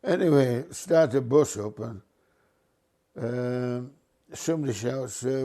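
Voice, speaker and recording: An older man spins a reminiscing anecdote at an easy middle pitch. He chuckles now and then and slips into voices for the people he quotes. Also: takes it slowly, long pauses, dark tone. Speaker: retired bus driver.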